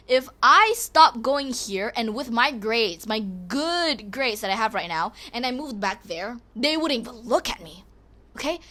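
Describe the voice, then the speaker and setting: A teenage girl vlogs in a candid, rambling way, restarting her sentences as she goes. Her voice sits a little high and swoops expressively through a wide range. She slides easily into exasperated ranting. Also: bright, forceful tone. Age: teens. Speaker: vlogger. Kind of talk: casual confessional vlog.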